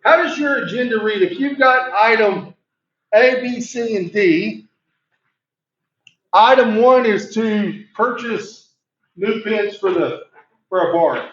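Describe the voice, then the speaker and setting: Man, high voice, training talk, very echoey room, far from the mic. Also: slow, long pauses, a bit bright, muffled recording. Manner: repeats words for emphasis, asks the room questions. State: throat clearing, losing voice.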